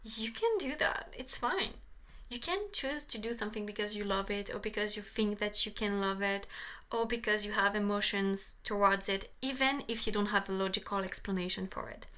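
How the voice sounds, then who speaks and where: A woman's voice: medium pitch, moderate pace, sharp tone. A young adult woman giving a passionate tarot reading to camera, pleading and repeating herself eagerly. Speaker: tarot reader.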